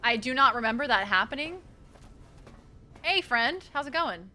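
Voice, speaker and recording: A young woman from around Boston streams a game and chats casually with her audience, talkative and self-mocking, in a Boston accent. Her voice leans high, with lively intonation, a sharp tone and a moderate pace.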